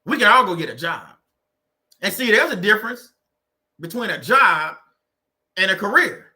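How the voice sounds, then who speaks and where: Speaking at a moderate pace in a high, sing-song voice that sounds pushed and bright, a man leads a faith-based livestream on narcissistic abuse. His motivational talk is preachy but conversational, with phrases repeated for emphasis.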